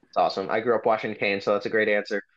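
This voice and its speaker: A man hosting a casual interview, asking upbeat, quick questions. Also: lowish voice, little pitch movement, a bit bright, highs cut off.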